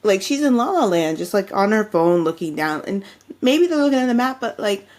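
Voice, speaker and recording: A young woman co-hosting a podcast, chatting casually and acting out what people said in a higher voice. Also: brisk. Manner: animated storytelling, acts out quotes in a higher voice. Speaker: podcast co-host. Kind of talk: casual chat.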